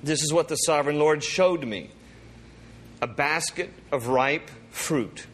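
A man preaching a sermon, reading scripture and acting out the speakers in lively voices. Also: a little high, unhurried, slight background noise. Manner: animated, acts out quotes with voices. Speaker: pastor.

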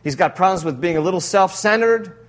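Animated high-voiced male preacher. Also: brisk. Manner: animated, jokey preaching with frequent laughs. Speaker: pastor. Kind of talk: sermon.

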